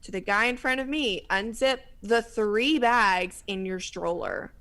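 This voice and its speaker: A young woman co-hosting a podcast, telling stories in a casual, animated way with lots of fillers. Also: mid-range voice, a little slow. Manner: animated storytelling with many fillers. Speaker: podcast co-host. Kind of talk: casual chat.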